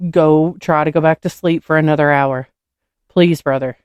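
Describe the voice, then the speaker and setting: A woman's voice: sits low, moderate pace, clear, resonant tone, no room sound, studio quality. A woman, co-hosting a casual podcast and telling family stories with acted-out dialogue. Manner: animated storyteller, acts out dialogue; swears casually. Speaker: podcast co-host. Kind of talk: casual chat.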